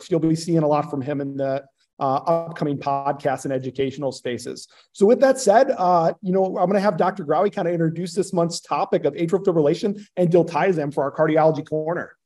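An upbeat man with a somewhat higher voice hosts an educational podcast. He introduces guests warmly and moves the conversation along with questions. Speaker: podcast host.

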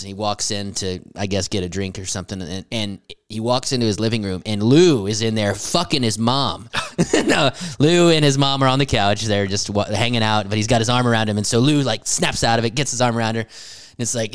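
A man's voice: lowish voice, a little fast, clean tone, no room sound. Profane rambling man recapping a movie. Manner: rambling, profane, laughing often. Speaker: podcast co-host. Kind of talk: casual crude movie recap.

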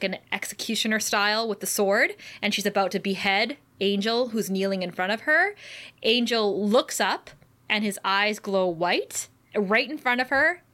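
A woman co-hosting a podcast, retelling a TV episode in an animated way and laughing often. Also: mid-range voice. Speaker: podcast co-host. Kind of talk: casual recap chat.

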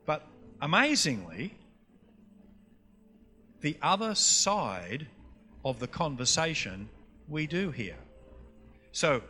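Lively North Queensland preacher, bright voice. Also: fairly high pitch. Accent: North Queensland Australian. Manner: animated, quizzes the audience with questions. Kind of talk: sermon teaching session. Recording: long hall reverb, faint music.

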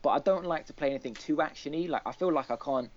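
Quick-paced and with a voice on the high side, a man co-hosts a gaming podcast, rambling through casual chat full of fillers and frequent restarts. The recording is dull lo-fi podcast audio.

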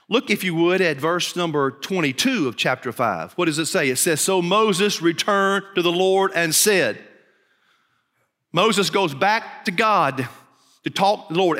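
Preacher, male, high bright voice, emphatic delivery, heard in a reverberant hall. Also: expressive, normal speed. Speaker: pastor. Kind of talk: sermon.

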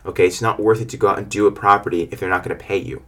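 A young man with a low voice talks fast and rambles as he tells stories from his lawn care business. He gives frank advice in a loose, casual way. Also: fairly even intonation, bright, forceful tone.

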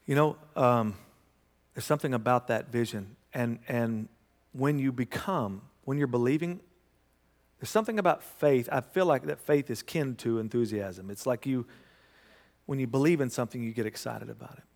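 A pastor preaching a sermon, telling stories and building to loud, emphatic passages. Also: male voice, mid-range voice, moderate pace. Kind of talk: sermon with storytelling. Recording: long hall reverb.

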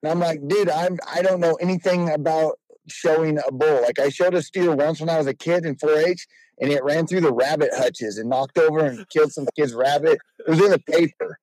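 A man spinning a rambling, animated yarn in a slightly high voice, his delivery jumping between narration and quick impressions. The sound is dry and close to the mic, with no room behind it. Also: dry recording, rough recording. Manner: animated, quotes people in put-on voices. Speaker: rodeo clown guest. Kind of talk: casual storytelling.

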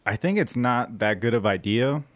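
A young man and army veteran telling stories in a casual podcast chat, fast and profane. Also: mid-range voice. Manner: fast, profane, animated storytelling.

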